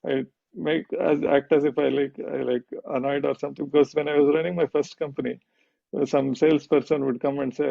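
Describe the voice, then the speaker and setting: A man's voice: a little high, steady tone, fairly quick, gravelly, warm tone, dry recording, dull audio. A middle-aged man answering questions in a conversational Q&A, telling reflective, jokey stories. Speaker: guest speaker.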